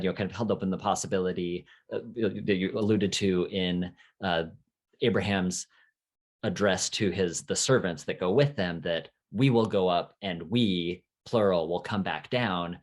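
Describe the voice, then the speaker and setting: A man interviewing a rabbi, thinking aloud with many hesitations and reflective asides. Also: sits low. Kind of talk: conversational interview questions.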